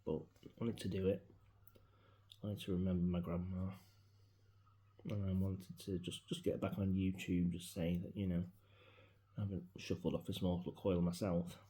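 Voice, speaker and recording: A man, talking casually and reflectively into his phone in a personal vlog, his voice often dropping to a soft mutter. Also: low voice, little pitch movement, moderate pace. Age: 40s. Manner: rambling, reflective, grieving, drops into soft mutters. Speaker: vlogger. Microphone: mobile phone.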